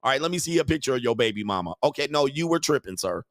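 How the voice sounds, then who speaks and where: A man hosts a livestream rant in a crude, mocking way and breaks into laughter often. His voice sits at an ordinary middle pitch. The sound is dry and close, with no room echo. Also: lively intonation, rapid-fire. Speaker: show host.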